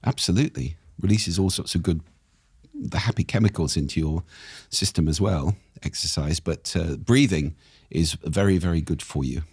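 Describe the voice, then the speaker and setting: Deep-voiced man, slightly croaky, dry. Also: a little mellow, no echo. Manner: measured, explains with examples and anecdotes. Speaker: speaking expert, podcast guest. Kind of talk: explanatory interview talk. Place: podcast studio.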